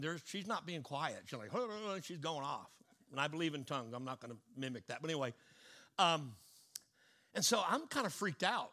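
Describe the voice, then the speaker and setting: A man preaching a sermon, telling a story and swinging between hushed asides and loud declarations. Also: a little high.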